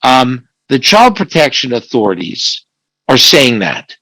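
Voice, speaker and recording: A man's voice: medium pitch, very animated, unhurried, pushed and bright, dry recording, rough recording. A man, an attorney, giving an online slide presentation who acts out quoted dialogue and corrects himself mid-sentence. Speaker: family law attorney presenting.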